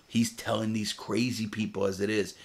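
Gravelly-voiced man telling blunt stories. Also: fairly low pitch, little pitch movement, moderate pace. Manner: blunt and profane, vivid retelling. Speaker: former prisoner telling his story. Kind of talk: first-person storytelling.

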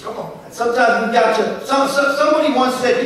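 A man's voice: very high voice, slow, pauses often. A man from Southern California giving a motivational keynote speech, telling stories and acting out dialogue. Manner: storytelling, animated, acts out dialogue with a Spanish switch. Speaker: keynote speaker. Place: large convention hall. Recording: echoey hall from far off, faint noise.

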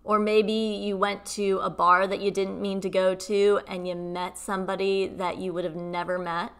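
Gravelly chatty woman spiritual coach. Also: mid-range voice, level tone, moderate pace. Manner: chatty, lots of fillers. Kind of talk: casual spiritual teaching to camera.

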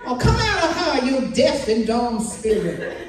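A woman voicing a boisterous male faith healer casting out spirits, loud and commanding, in an echoey hall heard from a distance. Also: a little high, big pitch swings, unhurried, crowd noise, pitched above the performer's own voice. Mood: exuberant.

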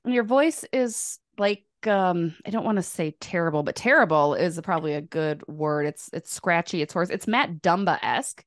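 A woman's voice: lowish voice, normal speed, few pauses, dry recording, clean studio sound. A woman co-hosting a podcast in casual chat, teasing and laughing as she tells stories. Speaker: podcast co-host.

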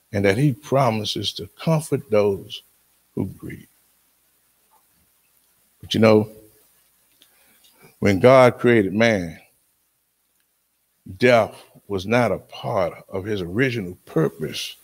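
A man speaking at a funeral service as the uncle of the deceased, giving a sermon with Bible readings in a halting way, with many restarts and sudden emphatic rises. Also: mid-range voice, vocal fry, husky.

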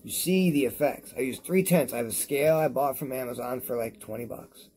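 A man reviewing products on his vlog in a rambling, profane rant to camera while he is high, repeating himself as he talks. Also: brisk, a little mellow.

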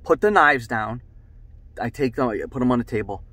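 A middle-aged man and show host telling a rambling, profane story in a casual, animated way. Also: mid-range voice, normal speed, no echo.

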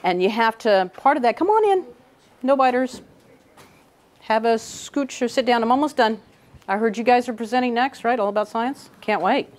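A woman's voice: fairly high pitch, expressive, normal speed. A middle-aged woman scientist giving a casual, chatty talk to young people indoors, often checking in with "right?". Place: indoor room with a couch.

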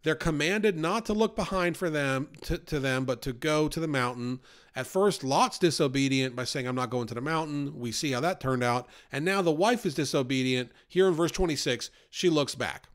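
Speaking at a moderate pace with lively intonation, this New York man in his 40s has a slightly high voice. He keeps his Bible study casual and chatty, frequently tossing in "right?" and "you know?".

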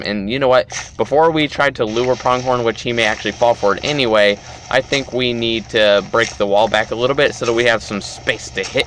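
A young man doing chatty game commentary, excitable and given to loud bursts of shouting. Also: mid-range voice, a little hiss or hum. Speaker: gaming YouTuber.

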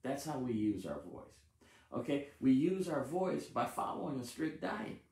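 A man's voice: medium pitch, sing-song, unhurried, darkish tone, reverberant. A married man preaching a sermon, repeating phrases with emphasis and stumbling over words now and then. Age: adult, married with family. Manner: repetitive, emphatic call-and-response preaching with stumbles.

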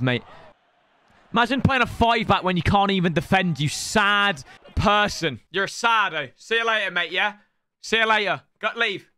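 A man's voice: sits high, pushed and bright, clear, resonant tone, no echo. A man, commentating his own game on a live stream in an exasperated, ranting way.

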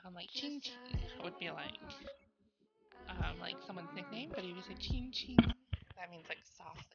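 A woman chats in a playful, teasing way, explaining things loosely and padding her sentences with "like." Music plays clearly underneath. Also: on the low side, animated, normal speed, muffled recording. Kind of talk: casual chat.

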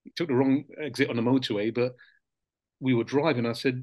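This older former footballer speaks as an interview guest, his medium-pitched voice moving a little fast over a dry recording with the highs cut off. He tells his stories in an easygoing, reflective way, peppering them with fillers and gentle laughs during a casual look back at the past.

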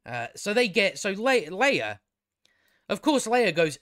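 A man's voice: high-pitched, sing-song, takes it slowly, fairly bright tone, dry recording, studio quality. A man giving a casual, rambling review, exasperated and sarcastic, swearing often and restarting his sentences. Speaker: video reviewer.

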